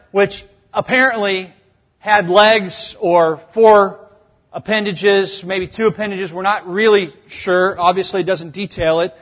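Man preaching with lively humor, echoey hall. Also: sits high. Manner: animated storytelling, acting out quoted voices with humor. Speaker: pastor. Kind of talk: sermon. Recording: dull, echoey hall sound.

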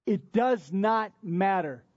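A man's voice: high voice, expressive, slow, no room sound, highs cut off. A man preaching a sermon, with emphatic repetition and rhetorical questions. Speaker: pastor.

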